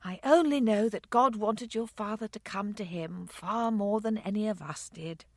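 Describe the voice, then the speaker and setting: A woman reading the part of a kind older friend in an audiobook, her delivery gentle and soothing. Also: mid-range voice, moderate pace, dry recording, studio quality, close to an everyday voice.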